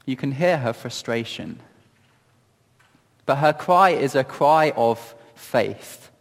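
A man giving reflective Bible teaching in a gentle, earnest storytelling manner, often asking questions of his listeners. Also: medium pitch, lively intonation, slow pace, creaky, big-room sound. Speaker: preacher.

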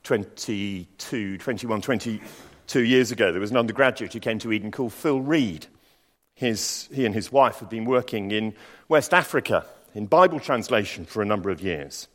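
A man preaching a sermon. He reads scripture slowly, then tells personal stories with dry asides. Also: lowish voice, in a large hall.

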